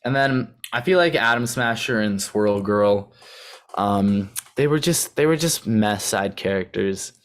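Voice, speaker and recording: Young male co-host, lower pitch, relaxed and hesitant, casual movie chat. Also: unhurried. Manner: easygoing, hesitant, full of likes and ums. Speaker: podcast co-host.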